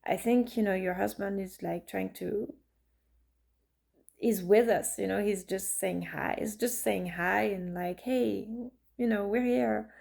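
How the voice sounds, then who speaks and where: A woman in her thirties, an artist and vlogger, chats casually in a storytelling monologue, sharing personal stories with many fillers and restarts. Her medium-pitched voice is gravelly with a darkish tone, fairly even intonation, and an unhurried pace.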